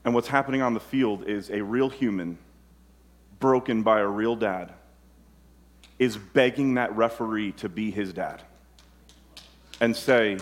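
A man's voice: on the low side, a little slow, long pauses. Impassioned male preacher. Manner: impassioned, climbing to urgent emphasis. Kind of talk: sermon.

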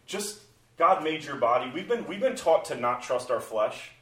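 A man's voice: on the high side, expressive, moderate pace, fairly bright tone. A man in his forties, a pastor, talking conversationally and animatedly, acting out inner voices as he goes. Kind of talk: conversational church talk. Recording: roomy sound from a distant mic.

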